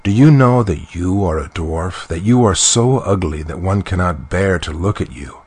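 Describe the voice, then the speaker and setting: Storybook: a man playing a brave young king, commanding and scornful, deep and husky. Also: lively intonation, moderate pace, darkish tone. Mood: indignant.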